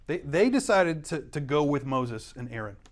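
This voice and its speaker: A man's voice: fairly high pitch, very animated, moderate pace. A man teaching an adult Bible study in a church, explaining scripture earnestly and pressing hard on key words. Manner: brief acted quotes of scripture figures. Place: church classroom.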